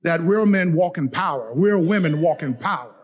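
High-voiced fiery male preacher. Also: expressive, moderate pace, husky. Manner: fiery, call-and-response preaching that swings from loud shouts to quiet prayer. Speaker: pastor. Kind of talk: sermon. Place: church sanctuary with a congregation.

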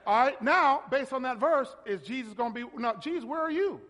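High-voiced male preacher in a reverberant hall. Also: expressive, a little fast, bright, forceful tone. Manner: call-and-response, prompting listeners to finish verses; talks directly to a congregation member. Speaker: pastor. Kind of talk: sermon. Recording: long reverb of a large hall.

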